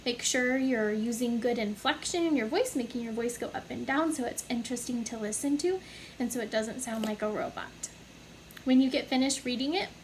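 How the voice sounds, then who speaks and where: A woman's voice: fairly high pitch, slight background noise, poor audio. A woman teaching a phonics lesson to young children, patiently sounding out letters and syllables one at a time and praising the listener. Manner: patient and encouraging.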